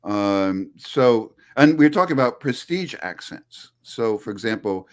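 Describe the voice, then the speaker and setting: Animated man explaining on a video call. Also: lowish voice, a little slow. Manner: animated, many restarts, explanatory. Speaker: linguistics professor, interview guest. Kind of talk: conversational interview.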